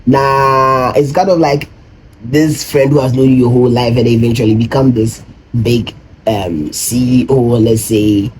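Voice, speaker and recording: A man's voice: medium pitch, steady tone, normal speed, dark tone, slight background noise, low-quality recording. A man from Ghana, hosting a reaction video, explains his thoughts casually and rambles, acting out other people's voices when he quotes them.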